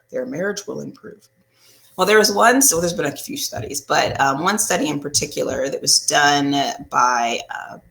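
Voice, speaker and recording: A woman couples therapist explaining in a casual, animated way, often asking "right?" and acting out what people say. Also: on the low side, creaky. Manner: animated, acts out quotes, often asks "right?".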